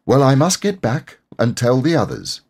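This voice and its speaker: A man voicing a brisk, self-important male rabbit in a raised, busy voice. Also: medium pitch, lively intonation, darkish tone, voice pushed up, natural voice.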